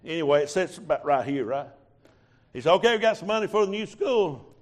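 A preacher, telling a sermon testimony in a folksy storytelling way with quoted dialogue. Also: male voice, on the high side, expressive, fairly quick.

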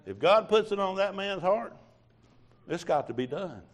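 A preacher, telling a sermon testimony in a folksy storytelling way with quoted dialogue. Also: male voice, sits high, very animated, normal speed.

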